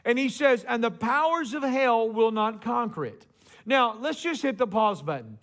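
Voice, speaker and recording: Male pastor, very high voice, storytelling sermon with animated quoted lines. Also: normal speed. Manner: storytelling preacher, acts out quotes with rising emphasis.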